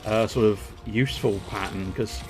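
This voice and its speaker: Over background music, a man's lowish, fairly even voice moves at a normal speed as he streams a game. He swears and rambles, thinking aloud through his gear customization in relaxed let's-play fashion.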